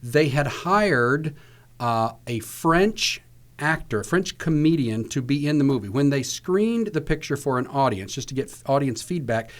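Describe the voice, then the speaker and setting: A man from the US South hosting a podcast, swapping lively show-business stories in a relaxed, chatty way. He is a middle-pitched talker who speeds up and slows down as he acts out the people in his tales. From Virginia, US South. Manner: animated anecdote teller, acts out quotes. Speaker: podcast host and voice actor. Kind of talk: casual storytelling chat.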